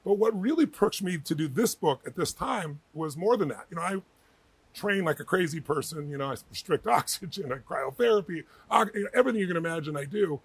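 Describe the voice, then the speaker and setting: A middle-aged man with a husky, slightly raised voice pours out stories at a rapid clip. He talks with emphatic energy and slips into the voices of the people he quotes. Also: high-pitched, expressive, dry recording. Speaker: guest, author and speaker. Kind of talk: animated interview storytelling.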